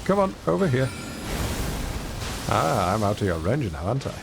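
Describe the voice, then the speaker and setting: Over music, a gravelly-voiced man streams a game, commenting casually on the action and spinning long, self-deprecating stories. His mid-range voice keeps a moderate pace and a lively, rambling energy.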